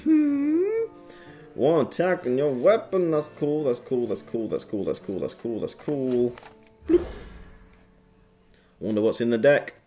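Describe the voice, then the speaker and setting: A man's voice: medium pitch, animated, measured pace, pauses often, mellow, soft background music. A man hosting his own gaming channel, casually commenting on a card game with playful quips and goofy sound effects while reading card text aloud.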